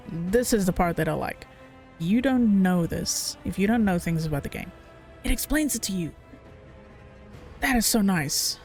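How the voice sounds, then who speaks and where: Female streamer, casual let's-play banter, mid pitch, light music bed. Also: animated, moderate pace, pauses often, a little mellow. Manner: chatty, joking, swears, reads game text aloud.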